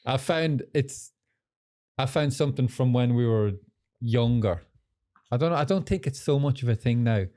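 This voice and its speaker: Laid-back man, mellow voice. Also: mid-range voice. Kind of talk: casual chat.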